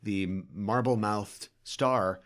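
A man's voice: on the low side, very slow. A young man hosting a casual movie podcast, riffing and joking with playful asides. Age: young adult. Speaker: podcast host.

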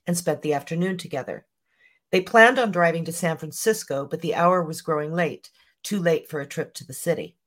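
A podcast host reading a scripted true-crime story in an even, measured way. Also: medium pitch.

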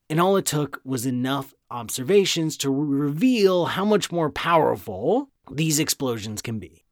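Lively, playful male science host. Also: fairly high pitch, no echo, clean studio sound. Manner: playful, enthusiastic, jokey asides. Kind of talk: explaining astronomy.

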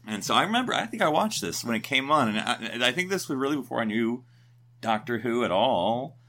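A man's voice: mid-range voice, expressive, brisk, sharp tone. A man in his forties, co-hosting a podcast in casual chat, rambling and correcting himself as he goes. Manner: rambling, self-correcting, chatty. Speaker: podcast co-host.

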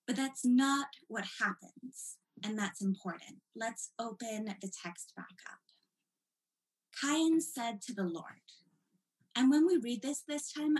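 A woman's voice: fairly high pitch, rough recording. A woman giving a lecture as a teacher, reading passages aloud and stressing key words with dramatic emphasis. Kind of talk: recorded lecture.

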